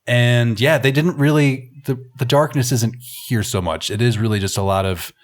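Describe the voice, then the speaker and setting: A man's voice: medium pitch, moderate pace. A man hosting a film podcast, giving casual, wry and rambling commentary. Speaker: podcast host.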